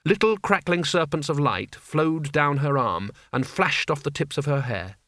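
A man narrating a fantasy novel in a measured, expressive reading. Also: fairly high pitch, dry recording, clean studio sound. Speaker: audiobook narrator. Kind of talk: scripted narration.

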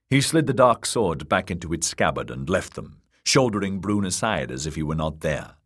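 A man narrating a fantasy audiobook in an expressive storytelling way. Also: low voice, moderate pace, hardly any pauses.

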